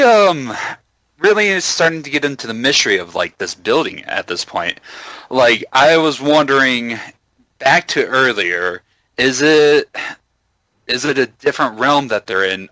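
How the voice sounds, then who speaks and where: Podcast guy, bright tense tone, slow and lively. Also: mid-range voice, dry recording, poor audio. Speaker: podcast co-host or guest. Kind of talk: casual chat.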